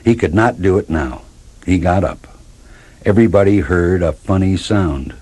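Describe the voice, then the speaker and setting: A man reading a children's story aloud, with lively, expressive narration. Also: low voice, normal speed, husky.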